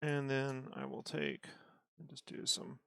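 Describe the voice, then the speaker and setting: Gravelly quiet artist man, dry sound. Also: mid-range voice, little pitch movement, measured pace, dry recording. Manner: quiet, thinking aloud. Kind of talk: casual talk while painting.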